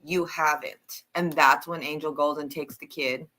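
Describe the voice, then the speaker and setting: A woman's voice: low voice, fairly even intonation, normal speed, bright, forceful tone. A woman co-hosting a live TV recap, casual and blunt, stressing her points with emphatic reactions. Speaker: show co-host.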